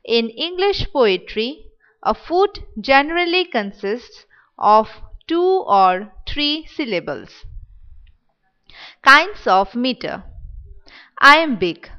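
A woman reads a lesson aloud very slowly and deliberately, stopping to spell out terms letter by letter. Her voice is smooth, clear and on the high side. The recording sounds dull and lo-fi. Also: very animated. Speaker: teacher. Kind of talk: slow read-aloud lesson.

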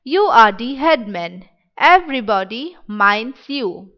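A woman reading the part of a sick, wistful young village boy in a dramatic play reading, in a gentle, wondering manner. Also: on the high side, very animated, slow pace, muffled recording, full character voice. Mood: eager.

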